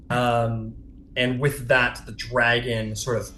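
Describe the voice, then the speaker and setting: A man's voice: mid-range voice, little pitch movement, takes it slowly, sharp tone, reverberant, soft background music, poor audio. A man running a tabletop game as game master, narrating loosely with lots of fillers and the odd swear.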